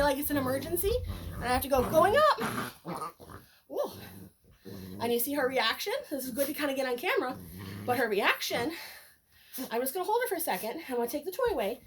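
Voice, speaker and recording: A woman with a high voice talks through a dog-training session in a loose, conversational way. She explains each step and now and then switches to cheerful sing-song praise for the puppy. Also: slight background noise. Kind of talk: casual training demonstration.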